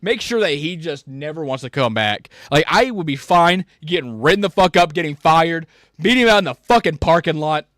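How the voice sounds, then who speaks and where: A man telling a work story in casual chat, animated and profane, jumping between loud rants and quiet asides. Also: on the high side, fairly quick, dry recording, studio quality. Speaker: podcast host.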